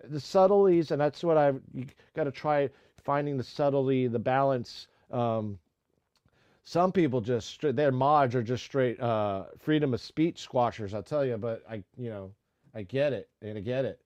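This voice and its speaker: A man's voice: mid-range voice, moderate pace, a little mellow, dry recording. A man hosting a casual music-making live stream, rambling with lots of fillers and restarts. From United States.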